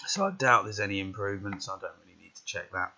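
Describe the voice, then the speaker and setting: A man with a lowish, sing-song voice casually commentates a wrestling management game at a moderate pace. He reads out results and mutters rambling asides, and the recording sounds dull and lo-fi.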